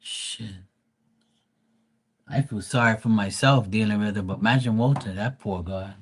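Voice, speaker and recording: A man's voice: fairly low pitch, moderate pace, breathy edge. A man hosting a casual livestream as a tarot reader, teasing viewers in crude, profane talk.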